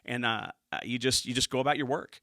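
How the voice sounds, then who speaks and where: A middle-aged man co-hosts a casual football stat show as coach, rambling and restarting his sentences with upbeat energy. His voice is bright and forceful. The sound is dry and close, with no room echo. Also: medium pitch, steady tone, fast talker. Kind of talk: casual sports chat.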